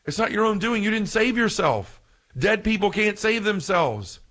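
Excited podcast preacher, male, light-pitched, earnest and emphatic. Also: normal speed. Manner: fervent, emphatic, repeats and restarts when excited. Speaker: podcast speaker on faith. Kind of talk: preaching-style podcast talk.

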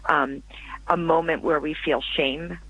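A man speaking as a guest author on a radio interview, earnest and reflective, pausing and restarting as he thinks. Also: on the high side, fairly even intonation, bright, forceful tone, muffled recording.

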